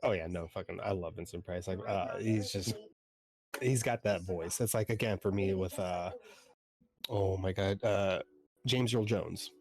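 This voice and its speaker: A man's voice: deep voice, measured pace, a little mellow. A man co-hosting a podcast, chatting casually and rambling enthusiastically, with a casual swear here and there. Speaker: podcast co-host. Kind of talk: casual chat.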